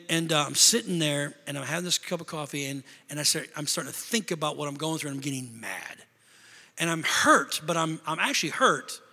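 A middle-aged man preaches in a large church hall, and his bright, ringing voice carries a long reverb. He tells stories, rising to loud bursts, then dropping to a hushed, confessional tone. His pitch sits a little high for a man. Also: gravelly. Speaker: pastor. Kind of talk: sermon.

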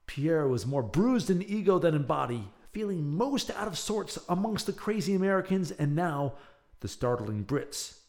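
A man's voice: fairly high pitch, big pitch swings, normal speed, darkish tone. A male podcast host chatting and reading a serialized story aloud, with chatty asides. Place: home, near an open window.

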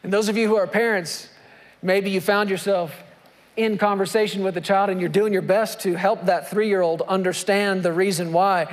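A man preaching a sermon as a pastor, animated, swinging from quiet to shouted emphasis with long drawn-out phrases. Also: high-pitched. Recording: long reverb of a large hall.

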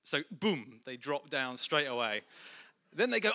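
A man's voice: a little high, expressive, brisk, bright, forceful tone. A man giving a humorous, self-deprecating talk to a church audience, full of jokey asides. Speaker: guest speaker.

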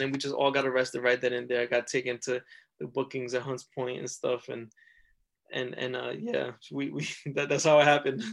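A man's voice: mid-range voice, moderate pace, vocal fry. A man, a podcast guest telling a story casually, rambling and leaning heavily on filler words. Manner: rambling, heavy use of "like", lively retelling.

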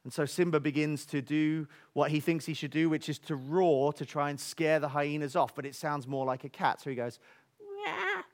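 A man preaches in an animated way, telling stories with rising energy. His voice sits a little high for a man. He often drops to a hushed, breathy near-whisper to drive a point home. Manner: animated storytelling, dropping to soft near-whispers for emphasis. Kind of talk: sermon.

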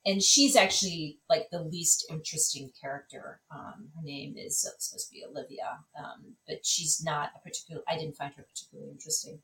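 A woman film critic, a guest in a casual conversation, talking in an animated way with many fillers and restarts. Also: sits low, brisk, hardly any pauses, slight background noise. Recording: echoey room, distant mic.

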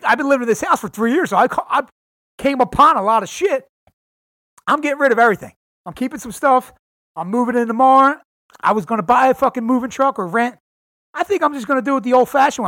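A man's voice: extremely high pitch, fairly bright tone, no room sound, clean studio sound. A man talking alone on his podcast, hyped and profane, calling his listeners "guys" again and again. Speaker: podcast host. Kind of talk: casual solo podcast monologue. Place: home in San Diego.

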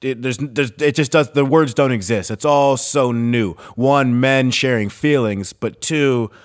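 A man hosting a casual podcast chat, blunt and profane, getting animated when riled up. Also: medium pitch, measured pace. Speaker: podcast host.

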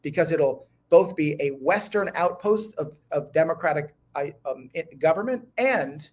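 A man's voice: a little high, lively intonation, moderate pace. A man speaking as a guest historian in an interview, eager and talking in bursts with many restarts. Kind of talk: conversational interview.

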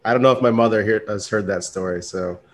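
A man's voice: fairly low pitch, quick pace. A man co-hosting a podcast, casually telling a story with fillers and frequent laughs. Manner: loose storyteller, laughs often, many fillers. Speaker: podcast co-host.

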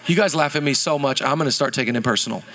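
A pastor in his thirties preaching a sermon at a church service, animated and joking, calling on the congregation to answer back. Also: medium pitch, very fast, background noise. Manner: animated and humorous, calls on the congregation for responses.

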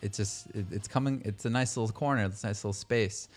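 A young adult man co-hosting a podcast, telling a story in a relaxed, casual way, laughing often and swearing freely. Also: on the low side, quick pace. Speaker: podcast co-host. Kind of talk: casual chat.

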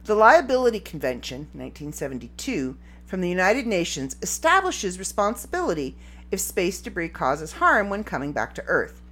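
Woman solo podcaster, rambling and giggly, lively swinging pitch, casual chat. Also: moderate pace. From Canada. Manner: rambling and giggly, breaks into fits of laughter. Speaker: podcast host.

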